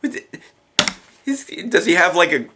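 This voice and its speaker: A man co-hosting a casual reaction chat, with quick, animated banter full of fillers. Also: high-pitched, background noise. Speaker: co-host reacting to a TV episode. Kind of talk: casual chat over a playing episode.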